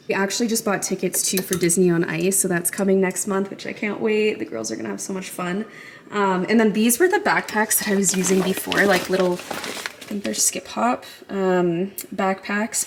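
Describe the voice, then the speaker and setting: A woman's voice: lowish voice, background noise. Bubbly young woman vlogging at home. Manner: bubbly, gushing, chatty with many fillers. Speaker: beauty vlogger and mother. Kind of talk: casual vlog chat to camera. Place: at home, in her mud room.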